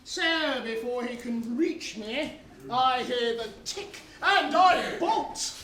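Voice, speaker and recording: A woman's voice: high voice, lively intonation, slow pace, a bit bright, slight background noise, exaggerated voice. A woman playing a boastful, villainous male pirate captain in an amateur pantomime, gloating and theatrical. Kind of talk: amateur pantomime stage acting. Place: village hall stage. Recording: echoey hall from far off, audience.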